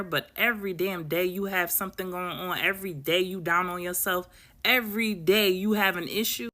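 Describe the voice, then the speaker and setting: A woman's voice: lowish voice, sharp tone. A woman giving a sassy, blunt motivational monologue as a vlogger. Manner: sassy, preachy, slangy.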